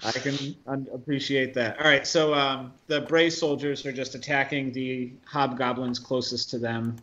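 A man playing in an online tabletop game, talking in a relaxed, casual way. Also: mid-range voice, moderate pace, dull audio, slight background noise. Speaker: player.

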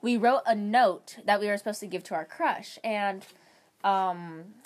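A woman's voice: medium pitch, a little slow. A teenage girl co-hosting a casual podcast with friends, giggly and teasing, often talking over the others. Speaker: podcast co-host. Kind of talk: casual chat among friends. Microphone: phone recording. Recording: loud background noise.

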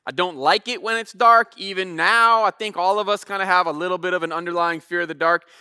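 A man, a pastor in his thirties, telling a casual, animated sermon story and acting out voices. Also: high voice, fairly quick, clear, resonant tone, no echo, studio quality.

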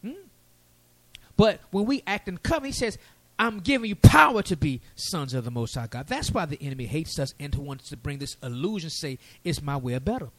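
A man preaching a sermon, lively and folksy with casual asides. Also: on the high side, a little fast, no room sound.

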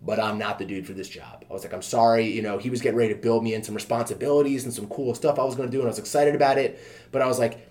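A man's voice: mid-range voice, fairly even intonation, rapid-fire, a little mellow, slight background noise. A man in his thirties, a fitness trainer and podcast guest, telling his own story in a candid, casual way, full of fillers and easy swearing.

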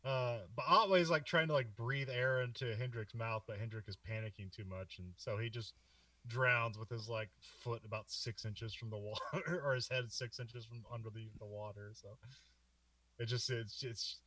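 A man's voice: mid-range voice, normal speed, sharp tone, no room sound, far from the mic. A man co-hosting a casual movie podcast, rambling through a plot recap with many fillers and frequent laughs. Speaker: podcast co-host.

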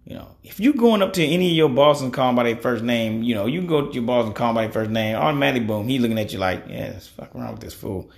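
Blunt thirtysomething guy ranting his opinions, gravelly voice that bounces all over in pitch. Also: lively intonation, rapid-fire, few pauses. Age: 30s. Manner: blunt, cussing, conversational; frequent "you know" fillers. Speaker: podcast host. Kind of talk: opinion monologue.

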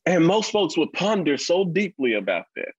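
A blunt man in his forties with a Mississippi accent tells stories in a casual interview, talking fast and animated. The recording is dry with no room sound and a dull, lo-fi tone. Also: on the high side, breathy edge, no echo. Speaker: guest.

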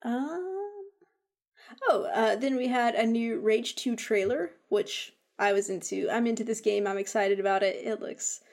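A young woman with a slightly high voice chats casually as a co-host. She talks in an excitable, rambling way, full of fillers. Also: measured pace. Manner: chatty, excitable, lots of fillers. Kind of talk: casual chat about video game news.

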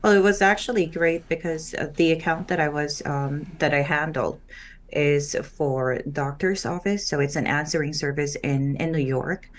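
Low-voiced Filipino woman, earnest. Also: fairly even intonation, a little hiss or hum. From Philippines. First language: Filipino language. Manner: earnest, unhurried, with filler pauses. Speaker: former call center agent, guest. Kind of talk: conversational interview answers.

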